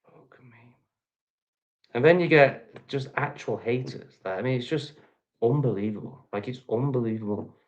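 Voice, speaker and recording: On his livestream, a man from England with an English accent goes on a heated, profane tirade, circling back over the same points. His mid-range voice comes at a normal speed, and the audio is dull.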